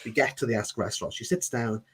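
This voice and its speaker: A podcast guest with a medium-pitched, slightly rough voice rattles through a comic story at a fast clip. Rambling and animated, he chats casually and imitates the people he quotes.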